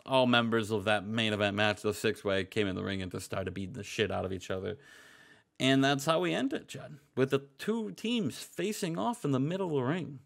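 Gravelly-voiced man narrating a game. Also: medium pitch, fairly bright tone. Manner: joking, narrating game events. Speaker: game co-host. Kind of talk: let's-play commentary.

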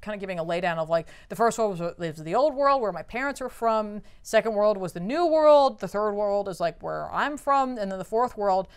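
A woman in casual podcast chat, walking through a comic's plot with loose, rambling phrasing. Her voice sits at an ordinary middle pitch, and "like" fills almost every other phrase. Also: animated, fairly quick, hardly any pauses, smooth. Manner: chatty, lots of "like" fillers. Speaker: podcast co-host.

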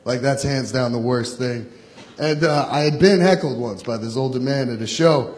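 A man's voice: mid-range voice, moderate pace. A young man from Long Island doing a profane, self-deprecating stand-up set on a comedy club stage, laughing between jokes. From Long Island, New York. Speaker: stand-up comic. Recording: roomy club with loud crowd laughter. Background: audience laughter.

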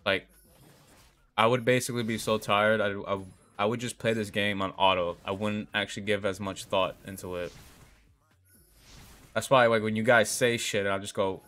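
A man's voice: lowish voice, fairly even intonation, normal speed, a bit bright. A young man live-streaming a game, chatting casually with viewers, swearing often, rambling and laughing.

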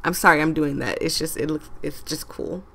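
A woman's voice: deep voice, fairly quick, sharp tone. Giggly young woman gaming host. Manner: giggly, self-mocking asides. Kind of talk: casual gameplay commentary.

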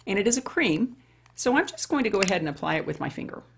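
Talking straight to her female audience, a woman over fifty runs through a makeup tutorial in relaxed beauty-vlogger chat. She speaks fast at a medium pitch with big swings, her voice gravelly, against a noisy background.

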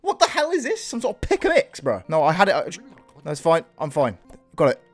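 A young British man riffs over a game in an excitable let's play voice, swearing freely and calling everyone bro. His pitch sits a little high and swings around constantly. Faint music plays underneath. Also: fairly quick. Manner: excitable, swears, calls viewers boys and bro. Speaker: gaming youtuber.

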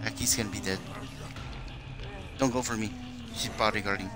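A man streaming a horror game with live commentary, excitable, swearing and yelling in panic. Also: on the low side, moderate pace, loud music behind the voice. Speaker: gameplay streamer.

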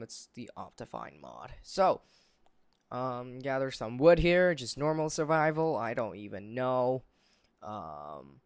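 A young man casually commentating his own gameplay, excitable and quick to exclaim and laugh. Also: mid-range voice, clean tone, no echo, clean studio sound. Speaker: gaming channel host.

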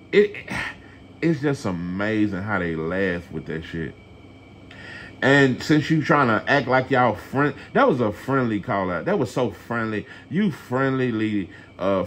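A man's voice: lowish voice, a little hiss or hum. A man giving a blunt, profane, rambling boxing rant to camera. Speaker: boxing commentator. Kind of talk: casual opinion rant to camera.

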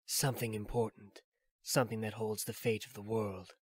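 Man doing a flat, emotionless warrior. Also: lowish voice, moderate pace, slightly rough, no room sound, clean studio sound. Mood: cold. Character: cold detached young male cyborg warrior. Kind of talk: audiobook character reading.

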